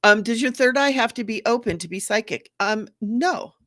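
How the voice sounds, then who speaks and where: A woman's voice: a little high, moderate pace, fairly bright tone, no room sound, studio quality. A middle-aged woman hosting a live stream as a psychic medium, talking in an earnest, chatty way with fillers and restarts and greeting viewers. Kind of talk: casual live-stream talk.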